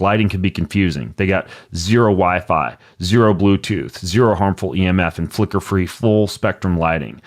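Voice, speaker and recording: A man with a very low voice hosts a podcast. He reads sponsor spots and introduces his guest in an upbeat, chatty manner, dropping in quick joking asides. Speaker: podcast host.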